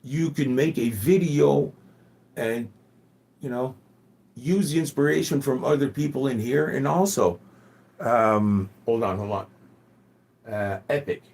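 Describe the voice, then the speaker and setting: Husky man with a slight Quebec French accent. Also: lowish voice, darkish tone. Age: 40s. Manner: rambling, profane and earnest. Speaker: gaming streamer. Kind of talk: casual livestream chat.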